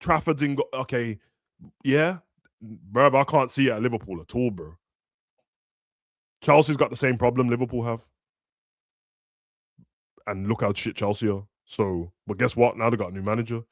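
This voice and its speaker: Young male football podcast host, animated slang, dry close sound. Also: mid-range voice, normal speed, pauses often, dry recording. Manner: animated, slangy, acts out players in raised voices. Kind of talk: casual football chat.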